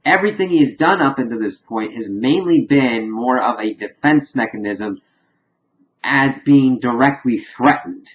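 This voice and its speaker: A man's voice: mid-range voice, animated, moderate pace, dull audio. A man giving a casual, rambling recap of a TV episode, leaning heavily on fillers as he retells the plot. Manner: rambling, filler-heavy storytelling. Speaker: TV episode reviewer.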